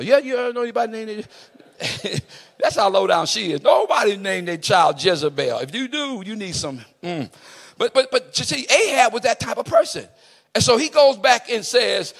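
A man preaching a sermon in an impassioned way, rising to shouts with a sing-song cadence. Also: sits high, expressive, fairly quick, creaky.

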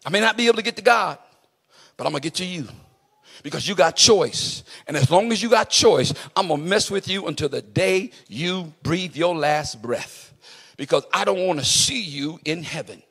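A man's voice: sits high, lively intonation, moderate pace, gravelly, fairly bright tone, breathy edge, voice pushed down, exaggerated voice. A man preaching puts on the voice of the devil, a spiteful male figure taunting believers, in a menacing manner.

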